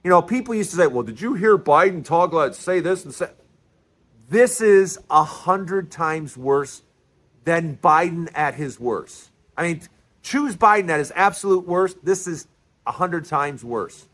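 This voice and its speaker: A male vlog host delivering political commentary with a lively, swooping voice that sits a bit higher than most men's. He talks at a slow, deliberate pace, hammering his points by repeating and restarting phrases. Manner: animated, repetitive, emphatic restarts.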